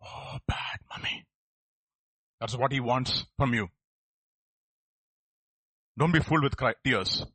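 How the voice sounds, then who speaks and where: A man's voice: mid-range voice, unhurried, pauses often, fairly bright tone, breathy edge, dry recording. A man preaching a sermon, asking his listeners rhetorical questions. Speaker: pastor.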